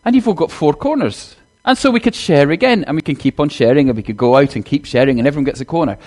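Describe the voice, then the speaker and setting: A minister preaching to his congregation in a church, chatty and direct. His pitch swings widely as he talks, rising and falling with each point. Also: animated, fast, a little mellow. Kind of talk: sermon with children's talk.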